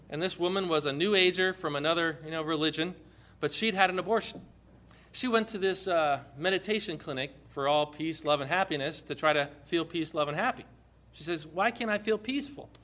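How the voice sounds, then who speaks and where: Male preacher, high voice, bright and forceful tone, impassioned sermon. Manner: builds from quiet storytelling to loud, forceful preaching.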